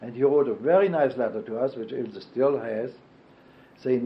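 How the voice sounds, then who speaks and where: Older man reminiscing, halting. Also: medium pitch, creaky. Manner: halting, many fillers and self-corrections. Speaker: oral history interviewee. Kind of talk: reminiscing oral history interview. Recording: dull lo-fi archival tape.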